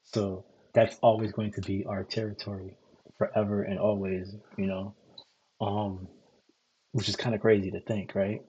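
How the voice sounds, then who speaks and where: A man's voice: fairly low pitch, level tone, normal speed, warm tone, breathy edge, lo-fi sound. A man from Connecticut talking casually and at length, loose and profane, repeating himself and filling gaps with "like" and "um". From Connecticut, USA. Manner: loose, profane, repetitive storytelling with many fillers. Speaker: streamer host. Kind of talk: casual rambling monologue.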